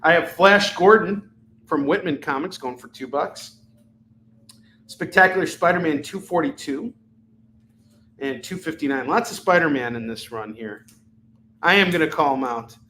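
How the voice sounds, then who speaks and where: A man's voice: fairly high pitch, expressive, pushed and bright, slight background noise, rough recording. A man hosting a live shopping stream, calling out items and prices in a chatty, joking way. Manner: chatty, jokey, rapid-fire price callouts. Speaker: live shopping show host. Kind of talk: live-stream selling chat.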